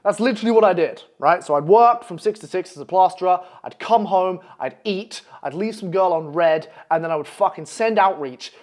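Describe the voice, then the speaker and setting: A brash young man lectures his viewers. His voice sits fairly high, and he swears freely and keeps pressing "okay?" after each point. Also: a little fast, few pauses. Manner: profane, brash, repeats "okay?". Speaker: online coach. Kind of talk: blunt motivational monologue.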